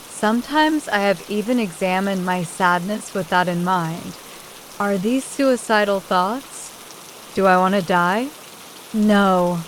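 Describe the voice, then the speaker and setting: Slow, measured woman narrating an audiobook. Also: medium pitch, slight background noise, rough recording. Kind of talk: first-person audiobook narration. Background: soft rain sound.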